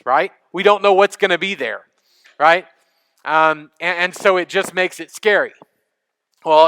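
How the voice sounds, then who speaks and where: Texan preacher, man, crisp bright voice, dry sound, chatty sermon style. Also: a little high, no room sound. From East Texas. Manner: conversational preaching, engages congregation. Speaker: pastor.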